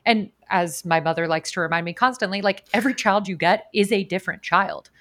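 A woman co-hosting a podcast in casual chat, telling stories with animated energy and bursts of laughter. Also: mid-range voice, fairly quick. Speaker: podcast co-host.

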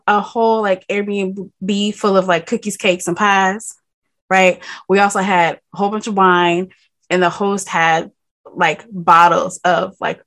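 A woman's voice: mid-range voice, fairly bright tone. A woman co-hosting a casual podcast, telling a story in a loose, rambling way. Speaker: podcast co-host. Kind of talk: casual chat.

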